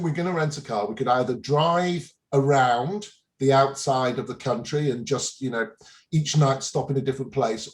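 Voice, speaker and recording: A man in his fifties, a guest on a talk show, telling a story in a relaxed, chuckling way with frequent restarts. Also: mid-range voice. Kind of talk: casual interview anecdote.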